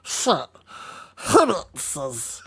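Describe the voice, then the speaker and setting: A man voicing a small, wretched creature in a high, strained, spiteful voice with slow, hissing words. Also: huge pitch swings, pushed and bright, slightly rough, heavily acted.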